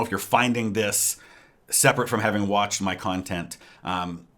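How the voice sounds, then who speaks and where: A man who hosts a history reaction channel, explaining in a measured way with fillers how his videos work. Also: low voice, fairly bright tone.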